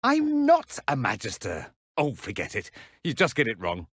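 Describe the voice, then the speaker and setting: A vain, flamboyant male mage, theatrical and self-satisfied. His husky voice swings widely in pitch, set in dry game dialogue. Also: huge pitch swings, normal speed, a bit bright, dry recording, heavily acted. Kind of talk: video game companion dialogue.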